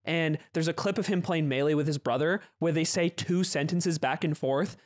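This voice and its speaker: A man co-hosting a podcast, telling stories in animated, laughing casual chat. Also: fairly high pitch, moderate pace. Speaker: podcast co-host.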